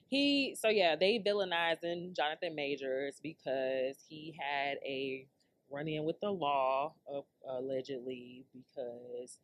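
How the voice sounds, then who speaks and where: A woman hosting her own podcast, ranting casually and loosely to her listeners, laughing and swearing as she goes. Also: low-pitched. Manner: loose, laughing, profane, talks straight to listeners. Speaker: podcast host. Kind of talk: casual solo rant.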